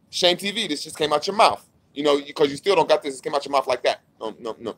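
A young man ranting at a rival vlogger in a heated, mocking way, repeating his challenge and swinging from loud outbursts to low mutters. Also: quick pace, few pauses, breathy edge. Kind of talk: confrontational rant to camera.

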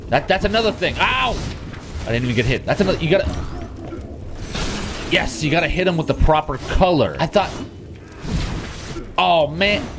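An excitable man commenting as he plays a game, swearing freely and breaking into sudden yelps and shouts. His voice sits somewhat high and swings wildly in pitch, with game music running behind. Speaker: gamer. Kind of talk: let's play commentary.

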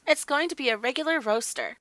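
A woman reading aloud, voicing an eager, excitable young schoolgirl. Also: sits high, brisk, no echo, pitched above the performer's own voice. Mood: excited.

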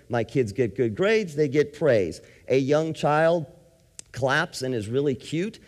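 A man lectures as a psychologist, walking the audience through ideas with everyday examples and checking in with questions. His voice sits at a middle pitch and carries the long echo of a big presentation hall. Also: a little mellow.

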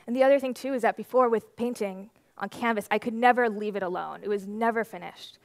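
A woman in her twenties gives a conference talk from the stage, telling her story in a lively, animated way. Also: fairly high pitch, fairly quick, dry recording, clean studio sound. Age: 20s. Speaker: conference speaker.

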